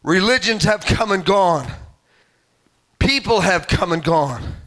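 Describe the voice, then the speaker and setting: A man preaching a sermon in a church, impassioned and building to shouts with frequent amens. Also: sits high, lively intonation, takes it slowly. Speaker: pastor.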